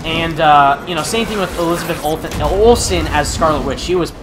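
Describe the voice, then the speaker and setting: A man's voice: fairly high pitch, a little fast. A young man hosting a gaming channel, chatting casually and rambling with lots of fillers and restarts, and he has the hiccups. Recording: music playing behind.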